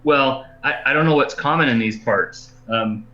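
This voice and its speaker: A man's voice: mid-range voice, normal speed, bright, forceful tone, muffled recording. A man playing a tabletop game, chatting casually and a bit hesitantly about his move. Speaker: player.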